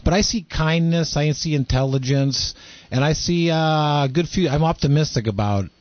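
A man's voice: fairly high pitch, moderate pace, dry recording, muffled recording. A man co-hosting a radio show, agreeable and upbeat, chiming in with casual banter.

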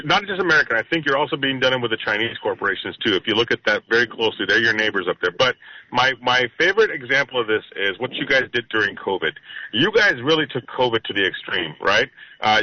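A man's voice: mid-range voice, no echo. A man hosting talk radio, chatting in a casual, chummy way with many fillers. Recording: dull, dry radio studio audio.

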